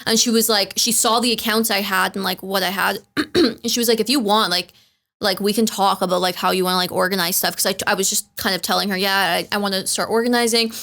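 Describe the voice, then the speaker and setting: A woman's voice: medium pitch, fairly even intonation, quick pace, creaky, a bit bright. A young woman co-hosting a podcast, chatting casually and rambling with lots of "like". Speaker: podcast co-host. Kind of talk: casual chat.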